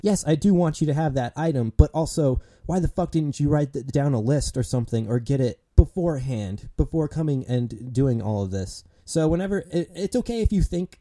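A man's voice: a little high, mellow. A young man ranting casually about his job as a grocery cashier, swearing often and sounding exasperated. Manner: profane, exasperated, lots of fillers.

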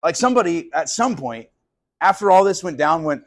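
A man preaching a sermon with a husky, somewhat high voice. He keeps it loose and conversational and slips into the voices of the people in his story. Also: brisk. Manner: animated, casual, acts out quoted voices. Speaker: pastor. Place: live sermon at a college venue.

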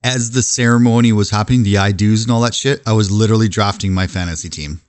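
A man's voice: lowish voice, quick pace, smooth. A man co-hosting a casual podcast chat during a fantasy draft, blunt and profane and insistent in argument. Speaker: podcast co-host.

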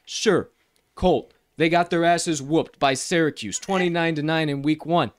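Male betting show host, mid-pitch, dry close mic, loud-to-quiet hype delivery. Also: a little slow, no room sound. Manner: hype-filled, swearing, big swings in pitch and volume. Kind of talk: casual sports betting podcast talk.

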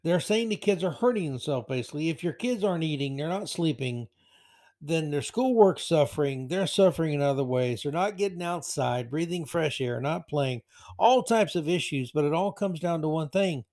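A man's voice: fairly high pitch, lively intonation, normal speed, a little mellow. A man hosting a solo opinion podcast, ranting sarcastically and hammering his key words. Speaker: podcast host.

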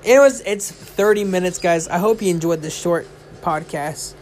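A man's voice: sits high, normal speed, darkish tone, slight background noise. A tired young man hosting a casual solo podcast late at night. He talks in a rambling, chatty way with many fillers. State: tired, yawning. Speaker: podcast host. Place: indoors, lying in bed.

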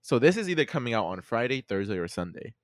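A teenage boy with a Mexican American accent hosts a casual chat with friends. He is animated, laughs easily and trails off into restarts. His voice sits at a middling pitch, recorded dry and close. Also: fast, no room sound. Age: teens. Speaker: podcast host.

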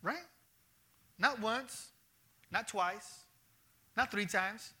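A man's voice: high-pitched, very slow, pushed and bright, husky, exaggerated voice. A man playing a nosy, smug gossip who digs up other people's failures in mocking questions. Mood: gossipy. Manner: sneering, mock-surprised questions.

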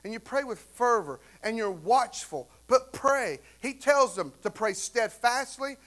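High-voiced preacher, fervent and conversational. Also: male voice, animated, unhurried. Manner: conversational preaching, rising to loud fervent bursts; repeats "right?" to the congregation. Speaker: pastor. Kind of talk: sermon.

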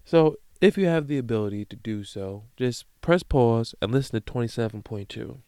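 A man in his thirties hosting a solo podcast, ranting in a profane, animated, comedic way. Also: medium pitch, moderate pace, smooth, no echo. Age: 30s. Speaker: podcast host. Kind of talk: casual solo podcast monologue.

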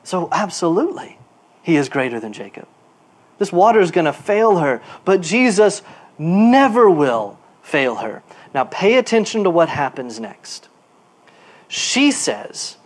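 Guy preaching a sermon, kinda high voice, gets loud and fast then drops low, stammers a bit on repeats. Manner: animated preaching, shifting between quiet asides and emphatic bursts; repeats words when searching for a phrase. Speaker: pastor.

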